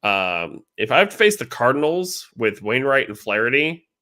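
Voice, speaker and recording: Bright-voiced man chatting about baseball. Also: medium pitch, very animated, normal speed. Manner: chatty, rambling, lots of fillers. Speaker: podcast host. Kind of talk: casual sports podcast chat.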